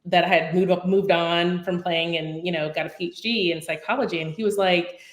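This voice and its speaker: A woman's voice: fairly low pitch, steady tone, a little fast. A middle-aged woman telling her story in a casual podcast chat, with lots of ums. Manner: chatty, many ums, storytelling. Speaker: guest basketball commentator. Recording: roomy echo.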